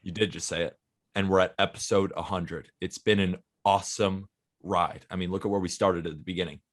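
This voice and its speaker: Young male podcast co-host, low-ish voice, earnest, keen, rolls on in long stretches. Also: steady tone, fairly quick. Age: 20s. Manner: eager, earnest, talks in long runs. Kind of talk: casual podcast chat.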